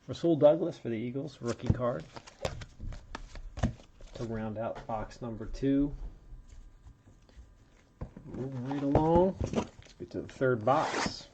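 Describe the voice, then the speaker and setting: A man with a gravelly, fry-heavy voice runs through a card break in a relaxed, chatty way, naming each pull as it comes. He sounds a bit under the weather, and there's a faint hiss of noise behind him. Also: mid-range voice, a little slow, long pauses. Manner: running play-by-play of pulls, chatty asides. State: feeling unwell. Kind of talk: casual card-opening commentary.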